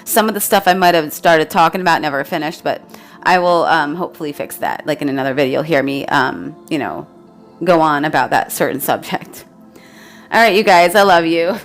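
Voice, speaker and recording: A woman's voice: low-pitched, fairly quick, soft background music. A woman telling a spiritual story to her viewers in a rambling, casual way, with many fillers and laughs. She says she is exhausted. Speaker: spiritual vlogger.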